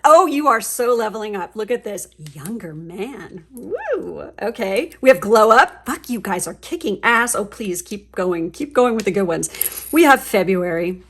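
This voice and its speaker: Gushy tarot lady, swears a lot, chatty pick-a-card reading, mid-pitched voice. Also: moderate pace, a little hiss or hum. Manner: gushing and excitable, swears freely; chatty, with fillers and trailing asides. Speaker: tarot reader.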